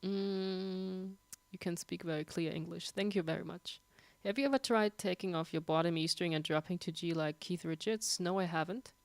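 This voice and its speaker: A woman's voice: on the low side, steady tone, normal speed, dry recording. A young woman with a German accent, a sick livestream host casually answering viewer questions with frequent laughs and ums. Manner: chatty, laughs often, many ums.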